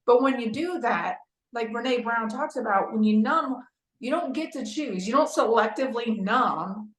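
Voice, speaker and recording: A woman's voice: on the high side, expressive, moderate pace. Chatty woman in an echoey room. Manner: chatty, leans on "like" and "you know". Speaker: guest in recovery from addiction. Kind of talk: casual conversational interview.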